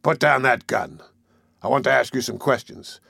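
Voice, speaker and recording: A man reads a hard, domineering sea captain from a storybook, speaking slowly and with open contempt. His voice sits at a middle pitch and sounds close and dry, with no room around it. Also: lively intonation, gravelly, bright, forceful tone, slightly rough, no echo, full character voice. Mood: scornful. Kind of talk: audiobook character voice.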